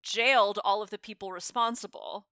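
A woman's voice: mid-range voice, steady tone, moderate pace, pushed and bright, smooth, dry recording, studio quality. A woman guest on a podcast, explaining things in casual chat and telling stories with quoted voices.

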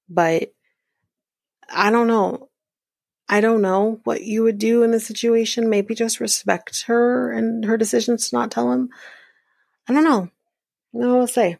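Woman podcast host, rambling casual recap, husky fry, no room sound. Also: mid-range voice, no room sound, studio quality. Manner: chatty, rambling, many fillers and asides.

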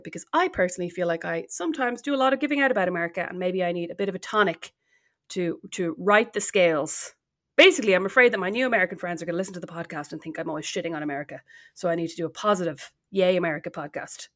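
A woman's voice: on the low side, animated. An Irish woman co-hosting a podcast, chatting casually and teasing her sister. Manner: teasing, quick-witted. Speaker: podcast co-host. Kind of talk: casual chat.

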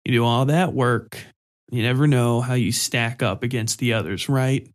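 A man voicing a drunk, crude, leering male office worker who mutters slowly and sloppily. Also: mid-range voice, steady tone, close to an everyday voice. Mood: smug.

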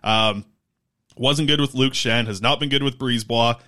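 A man's voice: medium pitch, normal speed, bright, forceful tone. A man co-hosting a casual sports podcast, working through stats and contract numbers. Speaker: podcast co-host.

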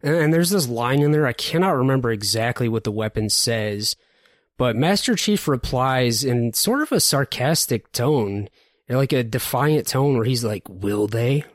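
Male podcast host, casual and enthusiastic, wide pitch swings, dry sound. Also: moderate pace, no room sound. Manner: animated, enthusiastic, hands off turns. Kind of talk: casual game awards chat.

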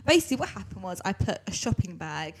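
A young woman co-hosting a podcast, chatty and quick to laugh in casual conversation with her best friend. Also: medium pitch, very animated, breathy edge. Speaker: podcast co-host. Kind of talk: casual chat.

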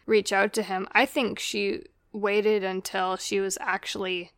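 A woman's voice: mid-range voice, flat delivery, measured pace, a bit bright, no echo. A woman in a casual chat about a film, talking with fillers and trailing sentences. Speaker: podcast co-host discussing a film.

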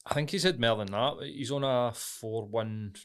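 A man's voice: mid-range voice, normal speed, smooth. A young Scottish man with a Glasgow accent, co-hosting a podcast and telling stories in casual, sweary banter. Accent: Scottish, Glasgow area. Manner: swearing, banter-heavy storytelling. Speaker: podcast co-host. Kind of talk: casual chat.

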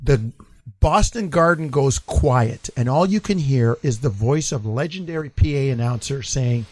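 A man's voice: medium pitch, a little slow. A middle-aged man, a longtime basketball broadcaster, telling stories in a casual chat and acting out the quotes. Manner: animated storyteller who acts out quotes.

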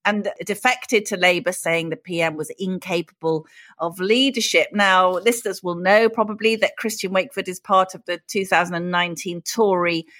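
A woman's voice: fairly low pitch, fairly even intonation, normal speed, fairly bright tone, no room sound. British woman cohosting a podcast, teasing and arch, dry close studio sound. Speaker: podcast co-host. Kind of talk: conversational political podcast.

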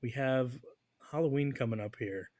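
A man's voice: medium pitch, normal speed, darkish tone. Playful American man hosting a podcast. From United States. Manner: playful, teasing banter. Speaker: podcast host. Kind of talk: casual chat.

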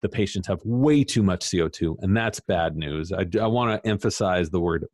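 A man with a low voice talks about his book in a casual interview, animated and emphatic, and now and then he pokes fun at himself. The recording is dry and close, with no room sound. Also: normal speed, no room sound. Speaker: author guest.

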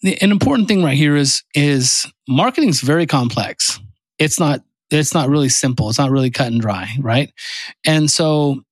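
A man hosting a podcast, telling stories in an animated, casual way. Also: a little high, no room sound. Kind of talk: casual chat.

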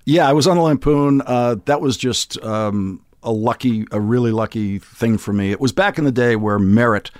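An older man from Boston with a faint Boston accent under a trained general American voice, telling stories in a casual, animated podcast chat and often repeating words as he starts a thought. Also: medium pitch, normal speed, hardly any pauses, no room sound, studio quality. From Boston, USA. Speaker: guest, TV news host.

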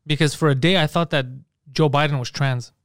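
A man's voice: a little high, steady tone, brisk, dry recording, studio quality. A man co-hosting a podcast, telling stories in casual comedic chat, acting out quotes and swearing freely. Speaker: podcast co-host.

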